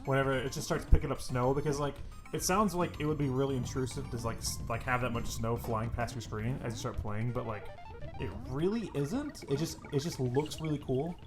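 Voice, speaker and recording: A young man in casual conversation about video games, joking around and laughing easily. His voice sits at an average pitch, with music playing underneath. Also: fairly quick. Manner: jokey, lively, laughs often. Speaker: podcast co-host. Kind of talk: casual gaming chat.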